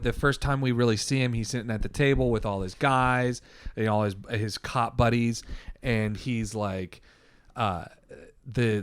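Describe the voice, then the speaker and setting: A man's voice: medium pitch, smooth, dry recording. A man co-hosting a casual podcast, chatting animatedly about a movie, swearing freely and retelling jokes in little voices. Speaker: podcast co-host. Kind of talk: casual chat.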